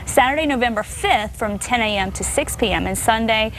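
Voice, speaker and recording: A woman's voice: on the high side, a little fast, slight background noise. A woman co-hosting a morning show, reading event details and chatting in a bubbly, agreeable way. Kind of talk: casual chat and promo reading.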